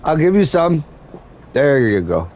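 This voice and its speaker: A man's voice: fairly high pitch, big pitch swings, unhurried, darkish tone, dull audio, slight background noise. A man hosting a gaming channel, chatting casually while he plays, rambling and laughing at his own jokes. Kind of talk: casual chat while playing a game.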